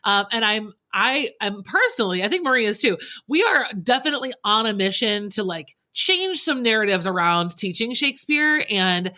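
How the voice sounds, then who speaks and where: A woman's voice: medium pitch, expressive, moderate pace, few pauses, bright, forceful tone. A woman hosting a podcast interview. She is enthusiastic and rambles a little as she sets up her questions, keeping the chat casual. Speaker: podcast host.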